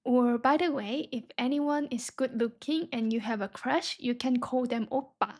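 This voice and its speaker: A woman's voice: fairly high pitch, normal speed. A young woman teaching a beginner Korean reading lesson, patiently sounding words out syllable by syllable.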